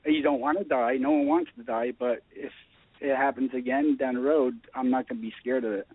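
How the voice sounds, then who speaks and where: A man telling his story in a casual radio chat, animated and acting out the dialogue. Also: medium pitch, brisk, no room sound. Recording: tinny phone line.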